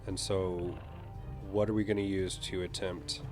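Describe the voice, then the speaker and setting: Man player, calm and matter-of-fact, lowish voice, music clearly behind. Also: unhurried. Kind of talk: casual chat at a gaming table.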